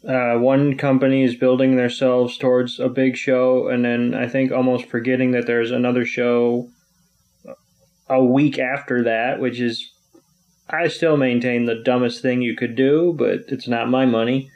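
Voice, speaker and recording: A man's voice: mid-range voice, flat delivery, a little slow. Sarcastic podcast guy, dry delivery, kinda dull lo-fi audio. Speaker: podcast co-host. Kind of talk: casual chat. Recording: dull lo-fi sound.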